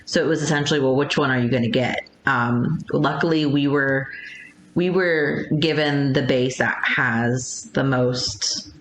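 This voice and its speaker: A woman's voice: very deep voice, measured pace, slight background noise. A woman in her thirties chatting as a podcast guest, hesitant, with many ums and restarts. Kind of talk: casual interview chat. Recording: echoey room.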